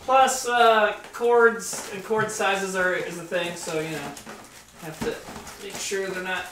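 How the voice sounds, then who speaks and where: A man's voice: high voice, fairly even intonation, slow pace. A man streaming live while cooking in his home kitchen, rambling, swearing now and then, and chatting with his viewers. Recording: roomy kitchen with faint background noise.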